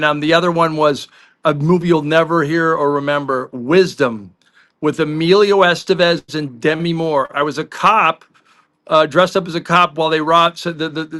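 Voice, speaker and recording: Bright-voiced man telling stories. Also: a little high. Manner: chatty anecdotal storyteller, quick asides. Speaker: podcast co-host. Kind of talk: casual sports talk.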